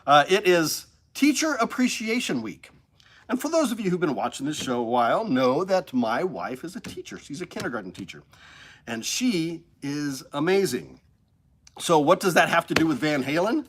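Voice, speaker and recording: A man's voice: a little high, sing-song, moderate pace, a bit bright, slight background noise. A man hosting a casual live stream, talking enthusiastically and emotionally while chatting with viewers. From Missouri Ozarks. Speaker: livestream host. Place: indoors with a shelf.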